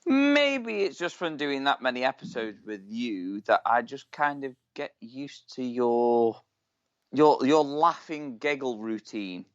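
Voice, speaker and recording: Slow-talking teasing podcast co-host, animated delivery, dull lo-fi mic. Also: medium pitch. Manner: teasing, jokey, drawn-out. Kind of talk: casual chat.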